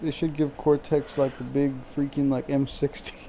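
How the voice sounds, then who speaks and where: A man's voice: medium pitch, flat delivery, moderate pace, mellow, a little hiss or hum. A man co-hosting a casual game podcast, joking around and drifting off topic. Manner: jokey, goofs off topic, laughs a lot. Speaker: podcast co-host. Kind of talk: casual chat about video games.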